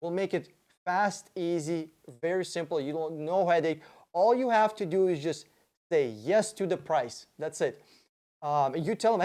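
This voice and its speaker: A man hosting a casual livestream Q&A, reading out viewer questions and answering them in a profane, excitable, rambling way. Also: on the high side, a little slow.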